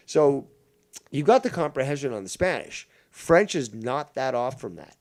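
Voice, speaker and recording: A man's voice: a little high, lively intonation, fairly quick. A man hosting a casual podcast, ranting and rambling with heavy swearing. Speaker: podcast host. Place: living in Canada.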